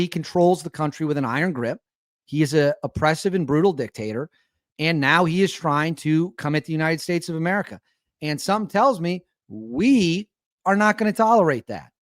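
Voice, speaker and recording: A man's voice: on the high side, no room sound, studio quality. Mocking, incredulous male commentator. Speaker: commentary host. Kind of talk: opinionated commentary.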